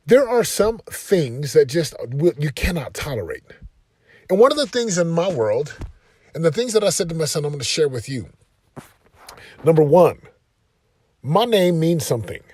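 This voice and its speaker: A man's voice: mid-range voice, dark tone, breathy edge, dry recording. A man hosting a motivational parenting talk, passionate and emphatic, pressing his points home with force. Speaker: podcast host and parenting speaker.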